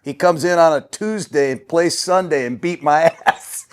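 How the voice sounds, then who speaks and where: A man's voice: fairly high pitch, moderate pace, smooth. Blunt, profane man hosting an interview. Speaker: host. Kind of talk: casual sports interview.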